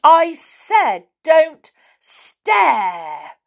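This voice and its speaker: A snooty little girl from a storybook, as a woman puts her on, loud and haughty and quick to anger. She draws out her words slowly, with plenty of swing in her voice. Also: fairly high pitch, wildly swooping pitch, voice pushed up, heavily acted. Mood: rude, angry. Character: proud, rude, easily angered little girl.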